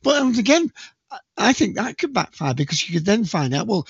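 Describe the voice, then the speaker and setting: Male podcast co-host, gravelly voice with a slightly higher pitch, hesitant rambling chat, very dry sound. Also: very animated, a little fast, no room sound, lo-fi sound. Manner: rambling, hesitant with many fillers. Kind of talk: casual chat.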